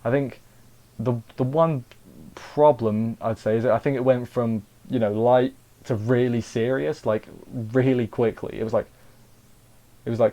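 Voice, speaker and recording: A man's voice: medium pitch, steady tone, unhurried, mellow, highs cut off. Chatty Englishman rambling through a review. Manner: rambling, chatty, self-interrupting. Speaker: anime reviewer. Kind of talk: casual episode review.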